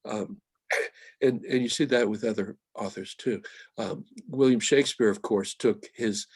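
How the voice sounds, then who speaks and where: Older pittsburgh area guy, low husky voice, slow careful talk about poems, dry sound. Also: no room sound. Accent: Western Pennsylvania. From Mon Valley, Pennsylvania. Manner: thoughtful, measured, quoting lines slowly. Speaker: guest poet. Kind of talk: reflective talk on poetry.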